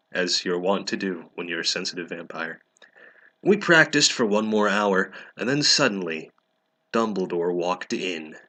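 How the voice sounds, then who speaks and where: A man giving a sarcastic, mocking dramatic reading, deadpan and laughing at the text. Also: low voice. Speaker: comedic reader.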